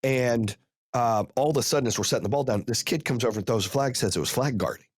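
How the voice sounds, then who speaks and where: A man hosting a podcast, telling a story in a casual, profane, animated way and rattling off rapid play-by-play. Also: medium pitch, no echo, clean studio sound. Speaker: podcast host.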